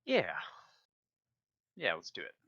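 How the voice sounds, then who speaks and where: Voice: low voice, wildly swooping pitch, slow pace, gravelly, a bit bright, lo-fi sound. A player in a tabletop game, talking casually and offhand.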